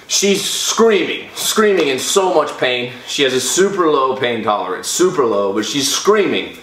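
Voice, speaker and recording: A man's voice: mid-range voice, a bit bright. A young man, a fitness vlogger, telling a personal story in a casual, rambling way with many restarts and fillers. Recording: echoey room.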